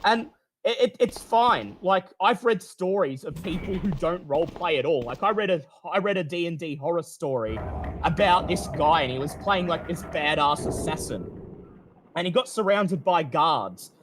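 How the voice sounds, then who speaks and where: A man's voice: on the high side, animated, normal speed, noisy background. A man streaming a game, explaining at length in casual chat, with frequent restarts and fillers.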